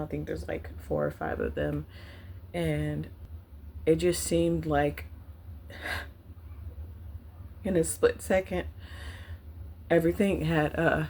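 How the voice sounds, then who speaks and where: A woman vlogger telling a personal story to the camera, candid and halting, with many fillers, at times choked up. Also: low voice, vocal fry, darkish tone, slight background noise. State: choked up, near tears.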